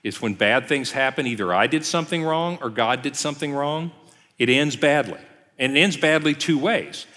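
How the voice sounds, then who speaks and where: A man preaching a conversational sermon as pastor, who briefly acts out the people he quotes. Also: medium pitch. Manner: lively, acts out quoted voices. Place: church sanctuary. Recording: long church hall reverb.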